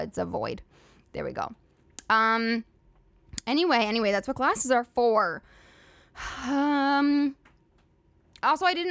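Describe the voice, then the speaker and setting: A woman's voice: mid-range voice, fairly bright tone, no echo. A young woman hosting a solo comedy podcast, ranting in a chatty, sarcastic, profane way full of "like" fillers. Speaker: podcast host.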